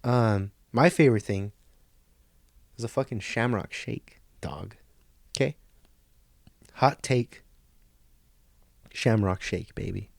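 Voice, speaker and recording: A man's voice: fairly low pitch, slow pace, creaky, long pauses, no room sound, clean studio sound. Profane man ranting on a podcast. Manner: profane, ranting, mock nature-documentary whispers. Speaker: podcast host. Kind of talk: comedic monologue.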